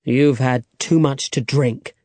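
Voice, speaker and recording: A man voicing a grave, strong old master swordsman in an audiobook, speaking in a slow, measured, stern way. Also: medium pitch, steady tone, a little mellow, no room sound. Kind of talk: audiobook character reading.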